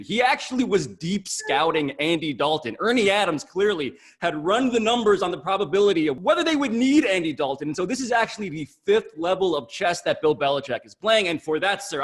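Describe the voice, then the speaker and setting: Brief: male co-host, dry humor, animated pitch, mid voice. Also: slightly rough. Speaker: sports show co-host. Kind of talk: casual sports talk.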